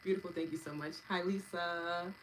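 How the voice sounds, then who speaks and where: A woman with a notably low voice leads a live meditation and tapping session in a gentle, affectionate way. She is in her thirties and chats with her viewers, thanking each one by name. A faint hum sits behind her. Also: fairly even intonation, moderate pace, rough recording. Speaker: meditation and EFT practitioner. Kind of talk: live-stream wellness session, reading viewer comments.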